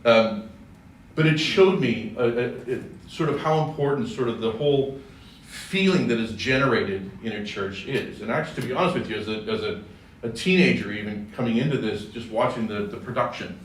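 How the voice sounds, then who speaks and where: A singer from California, USA gives a chatty, joking public talk in a church hall, correcting himself often. His voice is mid-range at normal speed, and the recording comes from a distant mic in an echoey hall with faint ambience and a little hiss or hum.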